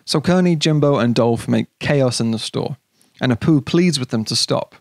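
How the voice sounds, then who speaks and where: A man narrating a scripted video essay in a measured, explanatory way. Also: medium pitch, gravelly, no echo, studio quality.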